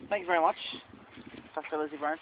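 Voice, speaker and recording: A man's voice: on the high side, steady tone, fast talker. A Northern Irish man hosting a joke documentary in a mock-earnest presenter tone. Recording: dull lo-fi camera audio with loud background noise.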